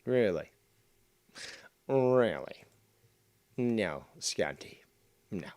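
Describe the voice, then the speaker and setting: A man's voice: fairly low pitch, animated, extremely slow, darkish tone, no echo. A man hosting a stream, mocking a rival's clip with profane, scornful commentary. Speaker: stream host reviewing clips.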